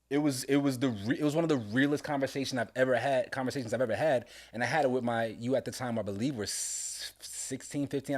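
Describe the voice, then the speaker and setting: A middle-aged man talking earnestly with his son on a casual podcast, heartfelt and sometimes breaking into loud laughing storytelling. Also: medium pitch. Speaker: podcast co-host, father. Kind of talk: casual father-son conversation.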